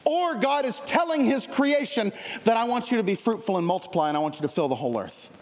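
A man preaching a sermon, energetic and conversational, often restarting his sentences. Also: high-pitched, fast talker. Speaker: pastor. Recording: long hall reverb.

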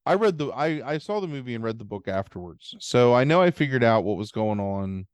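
A man's voice: mid-range voice, big pitch swings, brisk, clear, resonant tone, dry recording. A man co-hosting a podcast in casual chat, easygoing and chatty with fillers.

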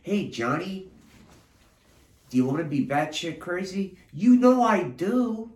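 A man putting on a folksy wholesome old-timey man with corny gee-whiz cheer, high and sing-song. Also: slow, darkish tone, echoey room. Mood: mock cheerful.

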